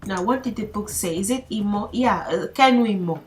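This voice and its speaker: A woman's voice: mid-range voice, fairly quick, soft background music. A woman teaching a language lesson in a chatty, casual way, reading lines aloud and explaining them with frequent fillers and laughs.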